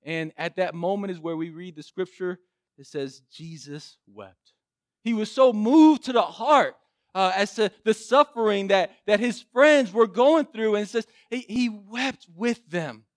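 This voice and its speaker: A male preacher retelling a Bible story in an animated sermon, with frequent restarts. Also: sits high, a little slow, no echo, studio quality.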